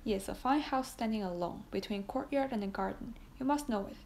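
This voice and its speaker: A woman's voice: a little high, fairly quick, a little mellow, slight background noise. A woman reading a classic novel aloud as audiobook narration, voicing the dialogue in much the same voice, with small slips. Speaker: audiobook reader.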